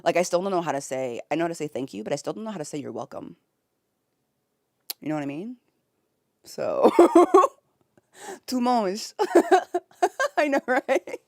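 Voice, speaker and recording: A woman's voice: on the low side, big pitch swings, a little slow, long pauses, dry recording, clean studio sound. A young American woman streaming from bed, chatting casually with viewers, reading chat aloud and laughing often. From United States. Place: home, in bed.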